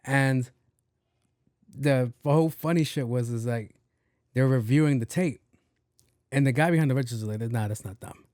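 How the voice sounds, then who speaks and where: A man hosting a podcast, telling a story in a casual, animated and profane way and acting out the dialogue. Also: mid-range voice, normal speed, long pauses, no room sound, studio quality. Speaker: podcast host.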